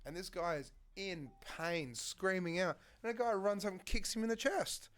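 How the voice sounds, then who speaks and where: A man's voice: high voice, moderate pace, fairly bright tone. A man with an Australian accent, a podcast host telling a story in casual chat, tagging his lines with "right?".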